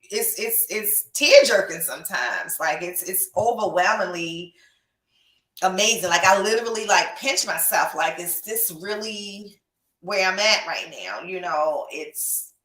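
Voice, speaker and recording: A young woman who hosts a podcast and breeds reptiles reads out viewer comments, chatting casually in a gushing, emotional way. Her mid-range voice is animated and fairly bright, at a measured pace. The room is echoey and the mic sits at a distance.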